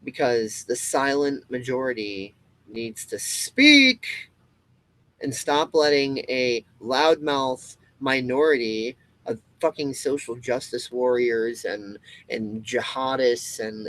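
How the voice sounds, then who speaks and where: A man's voice: mid-range voice, low-quality recording. A man hosting his own web show, delivering an impassioned, profane rant straight to his viewers with emphatic repetition and frequent restarts. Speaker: comedy web show host. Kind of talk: impassioned solo rant to camera.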